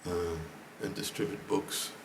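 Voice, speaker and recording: An older man giving a temple lecture, hoarse and losing his voice, speaking haltingly and often clearing his throat. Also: low-pitched, flat delivery, a little hiss or hum. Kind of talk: lecture to a congregation. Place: temple hall.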